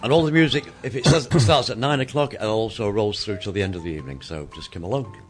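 A man's voice: lowish voice, fast talker, music in the background. A middle-aged man with a Mancunian accent co-hosting a casual radio chat, rambling and hesitant with many fillers. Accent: Mancunian English. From England. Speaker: radio co-host.

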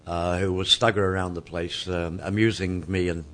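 A man's voice: sits low, flat delivery, normal speed, a bit bright. A middle-aged man with a Mancunian accent co-hosting a casual radio chat, rambling and hesitant with many fillers. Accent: Mancunian English. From England. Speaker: radio co-host.

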